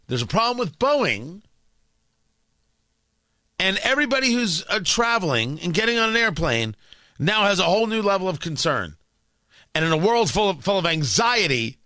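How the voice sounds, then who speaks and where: Casting: male talk-radio host, lively pitch, bright tense tone, dry studio sound, wry and animated. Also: moderate pace, long pauses, dry recording. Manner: animated, wry, self-correcting.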